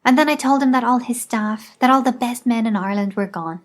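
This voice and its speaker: A woman reading a memoir aloud in scripted narration, measured and even. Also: on the high side. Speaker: audiobook reader.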